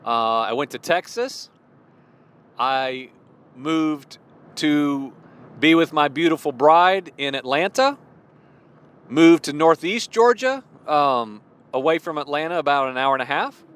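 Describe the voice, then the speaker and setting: A man in his forties with a slight Midwestern accent talks from his car in a relaxed devotional vlog. His voice sits a little higher than most men's. He is chatty and expressive, often restarting his sentences and chuckling as he goes. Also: slow pace, clear, resonant tone. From Illinois. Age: 40s. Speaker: Christian vlogger. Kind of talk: casual devotional talk while driving.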